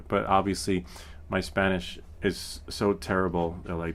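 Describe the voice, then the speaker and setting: A man's voice: low-pitched, little pitch movement, measured pace, a bit bright. A man hosting a drone channel, chatting casually with viewers in a rambling way, laughing often and trying out rusty Spanish. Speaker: FPV drone channel host. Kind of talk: casual livestream chat with viewers.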